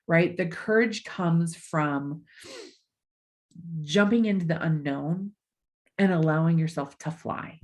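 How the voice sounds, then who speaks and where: A woman's voice: low voice, slow, long pauses, a little mellow. A middle-aged woman life coach giving a motivational master class, emphatic and encouraging, with the odd casual swear word.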